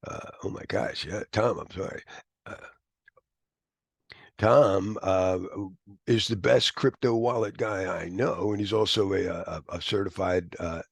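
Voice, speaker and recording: A man teaching a live class, talking in a rambling, animated way with quick whispered asides. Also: sits low, creaky, slightly rough, no room sound. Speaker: instructor.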